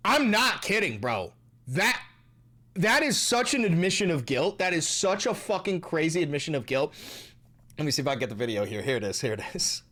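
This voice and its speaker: A man's voice: a little high, animated, fast, a bit bright. A young man hosting a commentary vlog, ranting in a heated, mocking and profane way. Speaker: host.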